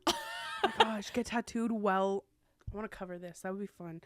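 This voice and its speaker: A young woman chats playfully as a podcast co-host, with a mid-pitched voice that often drops to a murmur. The recording is dry and close, with no room sound. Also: fairly even intonation, fairly quick, no room sound. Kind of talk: casual chat.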